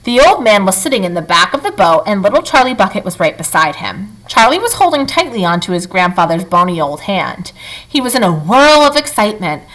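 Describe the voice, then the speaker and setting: A woman reading a children's book aloud in an expressive, lively storytelling manner. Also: medium pitch, a little fast, low-quality recording.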